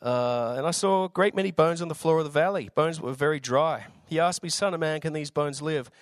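Slightly raspy Australian preacher. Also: male voice, fairly high pitch, fairly quick, dry recording. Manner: informal, jokey preaching with many fillers. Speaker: visiting preacher. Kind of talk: sermon.

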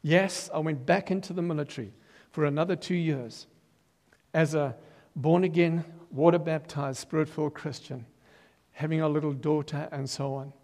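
An older man giving a testimony sermon as an animated storyteller who acts out quotes and breaks into loud emphasis. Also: a little high, normal speed. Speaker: preacher giving his testimony. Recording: long reverb of a large hall.

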